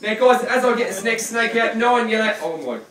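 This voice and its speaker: A man's voice: very high voice, little pitch movement, a little fast, a bit bright. A man presenting a live reptile show, teasing his audience and volunteer in a chatty, joking way. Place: large room with audience. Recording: echoey, distant, crowd noise.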